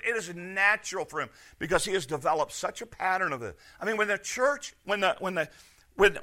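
A man preaching a sermon, firing off rhetorical questions and swinging between loud and hushed. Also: high-pitched. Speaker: pastor.

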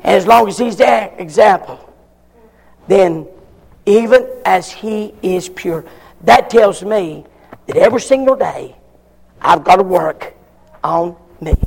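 A man's voice: high voice, expressive, takes it slowly, vocal fry, pauses often, breathy edge, in a large hall. A man preaching a fervent sermon in a church, calling for amens between points. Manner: fervent preaching with frequent call-and-response amens.

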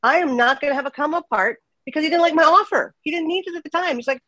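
A woman co-hosting a podcast, chatting in a folksy way and telling quick stories. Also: sits high, pushed and bright, dry recording, rough recording. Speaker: podcast co-host. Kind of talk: casual chat.

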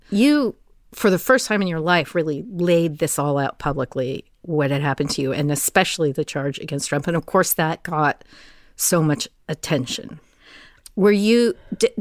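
A woman's voice: lowish voice, no echo. Older woman interviewer, dry sound. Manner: animated, vivid storyteller. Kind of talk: conversational interview.

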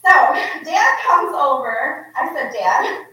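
A woman from the United States, an author appearing as a guest speaker, tells a personal story off the cuff to a live audience. Her voice sits high and moves a little slowly, earnest, heartfelt and animated. A distant mic catches her in an echoey room.

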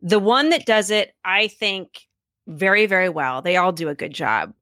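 A woman's voice: medium pitch, lively intonation, normal speed, fairly bright tone, no echo, studio quality. A woman telling stories in a casual interview, enthusiastic, laughing often and acting out quotes. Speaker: podcast creator, guest.

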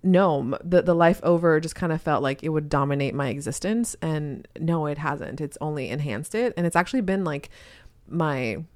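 A woman's voice: deep voice, moderate pace, a little mellow, dry recording, clean studio sound. A woman co-hosting a podcast, a new mother, talking candidly and animatedly in casual chat. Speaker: podcast co-host.

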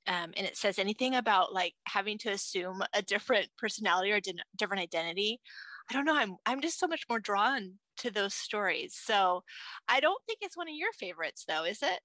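Bright chatty woman podcast host. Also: medium pitch, animated, fairly quick, dry recording. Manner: chatty, frequent fillers and restarts. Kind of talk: casual chat.

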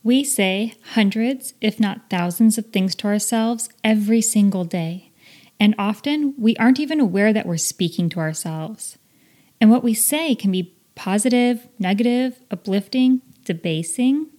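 A woman's voice: mid-range voice, unhurried, darkish tone. A woman in her thirties hosting a self-help podcast, talking earnestly and with animation, laughing at herself now and then. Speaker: podcast host.

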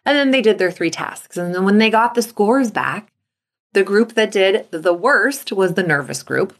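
Woman coach on her podcast, upbeat, acts out little thoughts, mid pitch. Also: normal speed. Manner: upbeat, lively acting-out of inner thoughts. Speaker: motivation coach.

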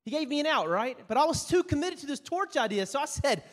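A man's voice: extremely high pitch, big pitch swings, fast, few pauses, long reverb tail. A man preaching a sermon, mixing self-mocking stories with Bible reading and often asking "right?". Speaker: pastor.

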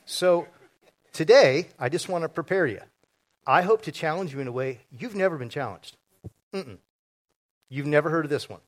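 A man preaching a sermon to his congregation, joking and quizzing the audience as he goes. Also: on the high side. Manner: joking, audience-engaging, fast and lively. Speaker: pastor. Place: church sanctuary before a congregation.

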